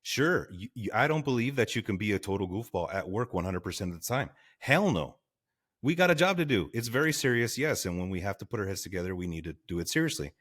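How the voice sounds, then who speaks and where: A man with a very low, deep voice tells a story as a podcast guest. He talks casually and with animation, laughing along and acting out the voices of the people in his story. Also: fast talker. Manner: animated, laughing, acts out quotes. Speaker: guest, firefighter.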